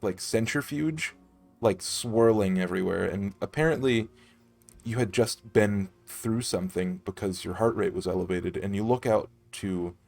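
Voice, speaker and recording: A man's voice: on the low side, moderate pace, vocal fry, darkish tone. A man narrating casually as game master in a tabletop game, with frequent swearing.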